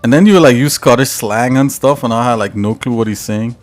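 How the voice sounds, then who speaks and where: A man's voice: mid-range voice, a little fast. An American man hosts a live stream and talks casually with his viewers. He rambles and leans on filler words. Faint music runs behind him. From United States. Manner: rambling, talkative, filler-heavy.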